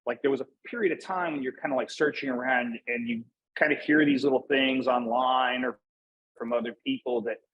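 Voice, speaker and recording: A cigar brand manager from Northeast Pennsylvania, USA, guests on a casual interview, chatting in an easygoing, rambling way with lots of "like" and restarts. His mid-range voice moves fairly quickly, and the audio is dull with a little hiss or hum.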